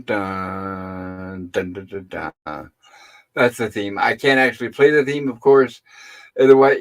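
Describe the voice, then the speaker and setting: A middle-aged man hosts a casual online show, walking listeners through an old sitcom episode scene by scene. His voice sits at an ordinary pitch for a man. He rambles, pausing and filling gaps as he goes. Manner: rambling retelling with pauses and fillers. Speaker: host. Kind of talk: casual episode recap on a live stream.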